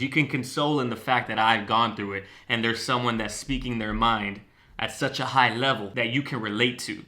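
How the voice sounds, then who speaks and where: A music YouTuber casually breaks down a song's lyrics, eager and cursing freely, reacting with hums and "ooh" sounds. His voice sits at a medium pitch and comes out pushed and bright.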